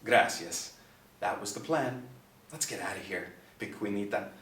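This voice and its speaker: A man voicing a dignified, grieving middle-aged superstar father who speaks in a composed, measured way in a storybook reading. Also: fairly low pitch, a bit bright, slight background noise. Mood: warm. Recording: echoey, distant mic.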